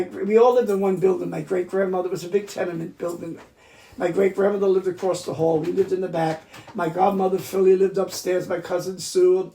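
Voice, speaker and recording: Interviewed casually at home in Queens, an older New York City accordion player spins chatty, profane family tales. His voice sits high, gravelly yet warm, and the room gives it a roomy echo.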